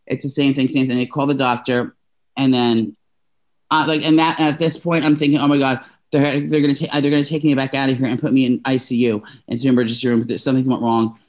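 A young man co-hosting a casual talk show, telling a personal story at length. He rambles and restarts often, and he sounds openly emotional. His voice sits at an ordinary middle pitch. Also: level tone, fast talker, darkish tone. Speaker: podcast co-host telling a story. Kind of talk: casual chat.

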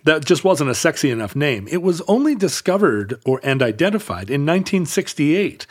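An American man in his fifties co-hosts a casual podcast, explaining facts at length with many restarts and fillers. His voice is on the high side with big pitch swings, at a moderate pace.

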